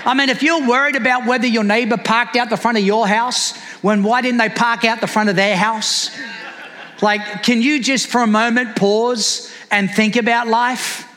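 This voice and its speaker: A man's voice: extremely high pitch, fairly even intonation, normal speed, pushed and bright, big-room sound. A man preaching a sermon as a pastor, calling out to the congregation with rising fervor.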